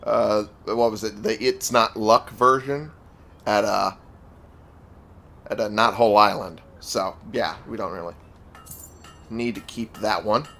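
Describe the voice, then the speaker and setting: A man's voice: a little slow, long pauses, slight background noise. A man casually commenting while playing a video game, chatty and jokey. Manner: chatty, jokey, animated pitch jumps. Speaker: gaming video host. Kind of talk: casual let's-play commentary.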